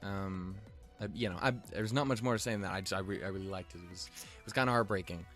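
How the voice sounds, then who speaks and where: A man's voice: low voice, fast talker, fairly bright tone, soft background music. A man giving a casual episode recap with rambling, restarting sentences and offhand swearing. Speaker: show reviewer.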